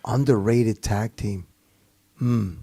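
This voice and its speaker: Gravelly man repeating questions aloud. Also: fairly low pitch, steady tone, takes it slowly, mellow. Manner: repeats the question aloud, thinks before answering. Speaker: co-host, former wrestler. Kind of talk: casual podcast chat.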